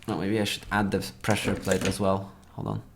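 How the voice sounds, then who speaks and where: A man narrating as dungeon master for a tabletop game, halting and full of fillers. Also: on the low side, completely flat delivery, gravelly, background noise.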